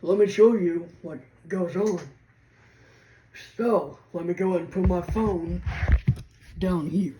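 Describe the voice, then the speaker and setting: A man's voice: high voice, slow, long pauses. A man hosting a casual computer walkthrough, explaining in a rambling, hesitant way with many restarts. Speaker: tech video host. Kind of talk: casual screen-reader walkthrough. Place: indoors at a computer. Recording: roomy room with faint noise.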